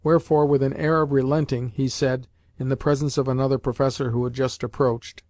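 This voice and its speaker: A male narrator reads a classic novel in a measured, even storytelling voice of middle pitch. The recording is dry and close, with no room sound. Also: no room sound. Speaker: audiobook narrator. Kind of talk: scripted narration.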